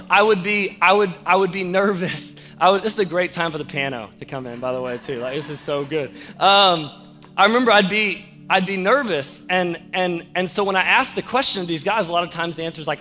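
A man's voice: high-pitched, bright, forceful tone. A man preaching a youth sermon, chatty and rising to fervent preaching. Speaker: youth pastor. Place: church auditorium.

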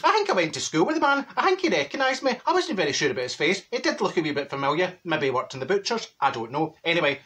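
A man's voice: fairly high pitch, big pitch swings, fast talker, few pauses, fairly bright tone. A man playing a chatty, gossipy middle-aged Glaswegian woman with a broad Glaswegian accent, telling rambling comic stories full of malapropisms. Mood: gabbing. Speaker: comedy character monologue. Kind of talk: comedic storytelling monologue.

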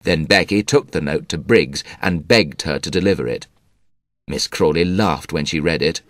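A man narrating a classic novel as a measured audiobook reading. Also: a bass voice, dry recording. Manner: measured, even storytelling.

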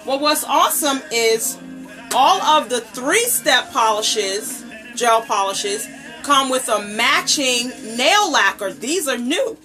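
Bubbly high-voiced woman unboxing live. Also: expressive, slow pace, sharp tone, faint music behind, poor audio. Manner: bubbly, gushing, greets viewers by name. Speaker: nail polish brand ambassador and livestream host. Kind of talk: casual live unboxing stream. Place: indoors at home, table set up. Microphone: tablet camera microphone.

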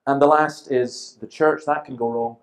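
A man in his fifties giving a seminar talk, telling lively stories with dry humour and acting out the people he quotes. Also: mid-range voice, moderate pace, rough recording. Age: 50s. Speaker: seminar speaker.

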